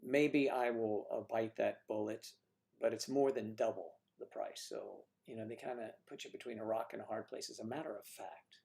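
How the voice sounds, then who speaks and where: A fairly low-pitched man with a darkish tone and some vocal fry speaks at a moderate pace. He hosts a casual livestream from the northern United States, reading viewer comments out loud and answering with chatty jokes.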